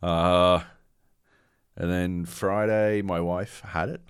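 A man's voice: low-pitched, steady tone, slow pace, clean tone, no room sound, studio quality. A man co-hosting a podcast, telling a rambling, profane story with dramatic quoted asides, still carrying a slight cough. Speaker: podcast co-host. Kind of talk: casual chat.

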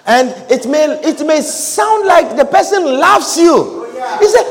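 A man preaching a sermon in church, fervent, repeating phrases for emphasis and at times shouting. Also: very high-pitched, expressive, slow, creaky, a crowd in the background. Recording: long reverb of a large hall.

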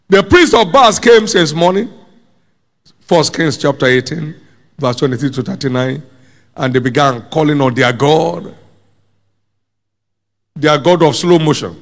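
A man preaches slowly and emphatically, his slightly raised voice swinging widely in pitch. His tone carries a gravelly rasp, and he repeats his key lines for the congregation. The sound rings with long reverb from a large hall. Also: big pitch swings. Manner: emphatic, repeating phrases, calls the congregation to answer. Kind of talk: sermon.

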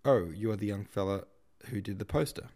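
A man reading a novel aloud, voicing a brusque, boastful middle-aged shop manager, a bit higher and louder than his narration. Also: a little fast. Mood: pompous.

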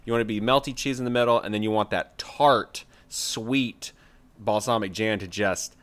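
A man co-hosting a casual podcast, chatty and quick to laugh. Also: fairly low pitch. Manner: animated, laughs often. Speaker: podcast co-host. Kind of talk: casual chat.

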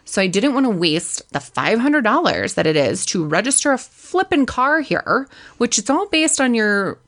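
Animated woman telling a story. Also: normal speed. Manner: animated, acts out quotes with pitch jumps. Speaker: podcast co-host. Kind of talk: casual storytelling chat.

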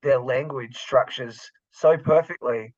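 A man's voice: medium pitch, a little slow, darkish tone, dry recording, highs cut off. An Australian man co-hosting a casual podcast over a remote call, joking with sarcastic exaggeration. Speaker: podcast co-host. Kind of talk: casual chat.

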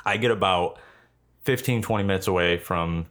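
A man's voice: deep voice, moderate pace, fairly bright tone. A young man telling a long, rambling, profane story in a casual chat, full of fillers.

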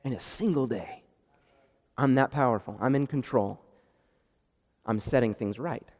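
Guy preaching in a big echoey hall, acts out the story with lots of energy. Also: unhurried. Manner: animated, acts out the dialogue with rising pitch and volume. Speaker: pastor. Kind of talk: sermon. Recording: long reverb of a hall.

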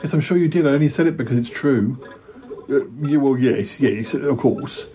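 A man's voice: medium pitch, normal speed, dark tone, low-quality recording. A man hosting a comedy podcast, talking hesitantly with many stammered restarts. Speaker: podcast host. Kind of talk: comic skit chat.

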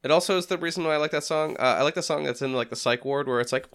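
A man's voice: fairly high pitch, very fast, fairly bright tone. A man hosting a casual movie-review podcast over a call, joking and laughing often. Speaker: podcast host.

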